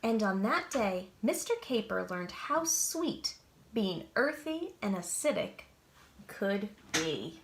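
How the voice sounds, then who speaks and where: A woman librarian reading a picture book aloud to preschoolers, slow and expressive, asking the children questions. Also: medium pitch, echoey room, a little hiss or hum. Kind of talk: preschool story time read-aloud.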